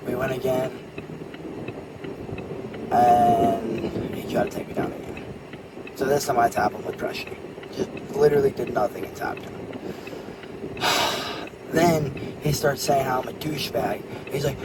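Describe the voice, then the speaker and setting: A man's voice: medium pitch, steady tone, moderate pace, pauses often. A man vlogging, casually and animatedly retelling a quarrel and quoting the other people's words. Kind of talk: casual vlog storytelling. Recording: distant mic, loud street and car noise.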